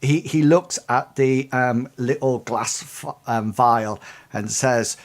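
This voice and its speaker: A man's voice: medium pitch, slow. A man narrating as game master of a tabletop game, hesitant, with many ums and restarts.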